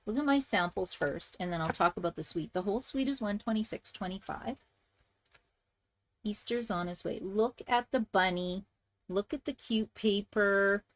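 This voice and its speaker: A woman's voice: medium pitch, moderate pace, slight background noise. A woman hosting a crafting channel, chatting casually and enthusiastically to viewers as she shows handmade card samples.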